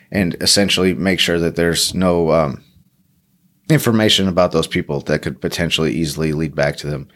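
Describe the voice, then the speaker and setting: A man hosting his own podcast alone, talking casually and rambling with lots of fillers and self-deprecating asides. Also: deep voice. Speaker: podcast host. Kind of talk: solo podcast monologue.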